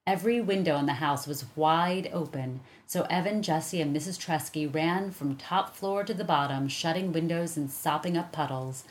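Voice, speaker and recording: A woman calmly reading a children's chapter book aloud as narrator. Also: low-pitched, normal speed, hardly any pauses. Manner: calm, even storytelling.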